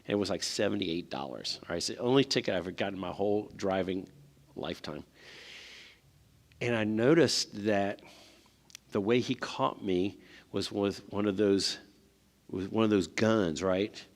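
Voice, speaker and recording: A man's voice: fairly low pitch, normal speed, pauses often. A man speaking at a parent seminar, telling stories and asking the audience questions. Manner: conversational, asks the audience questions. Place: church hall. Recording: long hall reverb.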